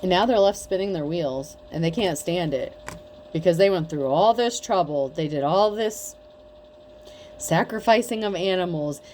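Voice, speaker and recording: A woman with a lowish voice giving a tarot reading in a loose, chatty way. She is blunt and mocking and swears freely, with a faint hum of room noise behind her. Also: moderate pace, darkish tone. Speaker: tarot reader. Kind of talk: casual tarot reading to camera.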